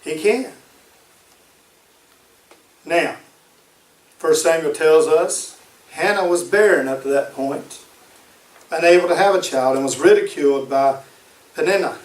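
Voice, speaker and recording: Emphatic preacher with a high voice. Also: male voice, measured pace, pauses often, far from the mic. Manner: emphatic, repeats key phrases. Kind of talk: sermon. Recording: echoey room, voice from off-mic.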